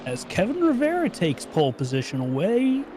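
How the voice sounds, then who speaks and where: A man co-commentating a sim race live, calling the on-track action in a relaxed, unhurried way. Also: high-pitched, background noise.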